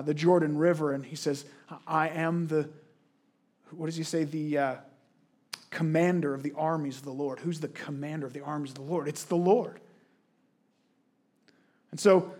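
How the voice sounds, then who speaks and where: A man's voice: fairly high pitch, darkish tone. A pastor preaching a conversational sermon, posing questions to his listeners and often restarting his words. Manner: frequent restarts and repeated words.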